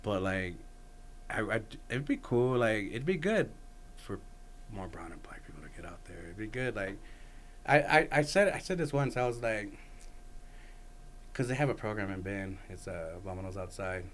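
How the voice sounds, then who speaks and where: A man's voice: on the low side, lively intonation, normal speed, pauses often, slight background noise. Laid-back man who swears and laughs. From Texas. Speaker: podcast guest. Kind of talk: casual conversation.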